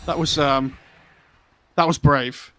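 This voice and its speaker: A man's voice: fairly high pitch, fairly even intonation, slow pace, a bit bright, clear, resonant tone, no echo, soft background music. A man giving color commentary on a live esports match, chatty and explanatory, building up hype. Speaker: esports analyst caster.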